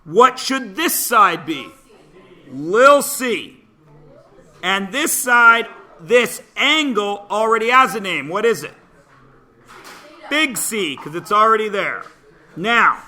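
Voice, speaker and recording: A man's voice: sits high, bright, forceful tone. A man teaching math to a class, playful and sarcastic, quizzing his students as he goes. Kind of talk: classroom lecture.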